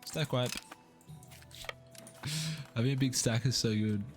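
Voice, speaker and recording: A man's voice: medium pitch, slow. Young aussie guy rambling on a game stream, casual and upbeat, swears a bit, faint music under him. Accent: Australian. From Australia. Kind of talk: casual live-stream gameplay chat. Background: faint background music.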